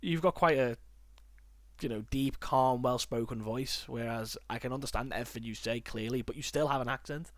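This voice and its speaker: A man's voice: mid-range voice, fairly quick, dry recording. Chatty northern English man, dry close mic. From north of England, near Liverpool. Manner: chatty, rambling, animated when joking. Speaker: podcast host. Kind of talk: casual podcast chat.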